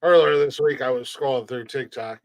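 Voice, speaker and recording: A brash man hosts a comedy podcast, ranting with plenty of swearing. His voice sits at an average pitch and sounds dry and close, with no room echo. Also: fairly quick. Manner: brash, profane ranting with laughs. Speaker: podcast host. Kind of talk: casual comedy podcast chat.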